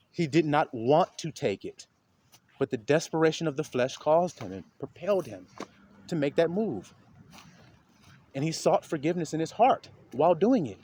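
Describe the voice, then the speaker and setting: A man delivers a raw, informal sermon in a high voice that leaps up and down his range. He preaches with heavy emphasis and cursing, dropping into low asides and then rising into shouted bursts as he acts out the people he quotes. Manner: profane, colloquial.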